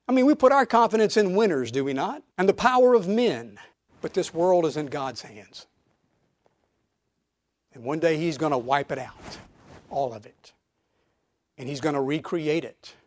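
A man preaching a sermon to his church, emphatic, with rhetorical questions and sudden drops to quiet asides. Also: fairly high pitch, no echo. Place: church auditorium.

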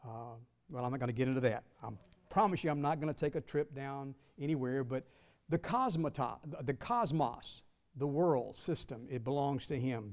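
A man delivers a sermon in a medium-pitched, expressive voice, drawing out his stresses emphatically. He swings between loud bursts and soft asides, now and then teasing his listeners.

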